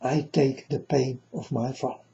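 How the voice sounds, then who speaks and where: A man with a very dark, mellow voice delivers a solemn, rambling monologue at an unhurried, slow pace. He repeats himself and keeps turning to his listeners as folks. The recording sounds dull and lo-fi. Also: mid-range voice, fairly even intonation, gravelly. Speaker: self-styled prophet. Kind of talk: rambling spoken monologue to viewers.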